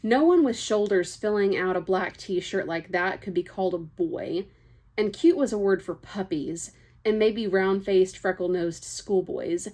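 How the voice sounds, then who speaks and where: A woman's voice: mid-range voice, a little slow, darkish tone. A young woman reading a novel aloud, chatty, breaking off for casual asides. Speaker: book reader.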